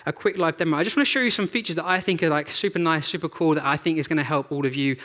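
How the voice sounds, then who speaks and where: A man's voice: a little high, very fast, a bit bright. A young man giving a chatty live presentation on a theatre stage, telling stories and running a demo with plenty of fillers and restarts. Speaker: presenter at a tech event.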